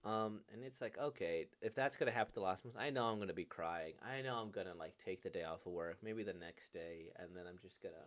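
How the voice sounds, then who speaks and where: A man's voice: low-pitched, fairly quick, hardly any pauses. A man hosting a casual manga reading reaction, hesitant and full of fillers, laughing often.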